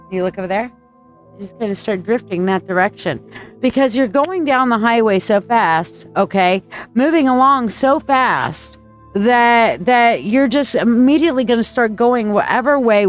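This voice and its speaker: A woman in her forties from the United States, a psychic reader chatting loosely with viewers on a live stream and swearing freely. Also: mid-range voice. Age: 40s. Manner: chatty, swearing, reading chat aloud.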